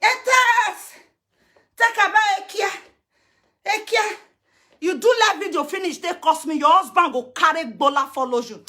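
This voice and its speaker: A high-pitched Nigerian woman rants confrontationally into her camera, switching between English, Pidgin and chanted lines. Her voice is bright and piercing, and she hammers her points with repetition. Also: normal speed. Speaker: social media personality. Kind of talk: ranting social media video.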